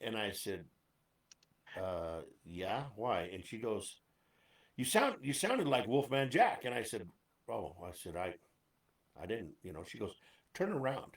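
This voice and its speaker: A man's voice: fairly low pitch, very animated, measured pace, pauses often, distant mic. A former radio DJ tells a story with laid-back swagger. He sits back from the mic, and the room adds an echo. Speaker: guest, former DJ. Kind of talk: casual storytelling chat. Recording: roomy, off-mic.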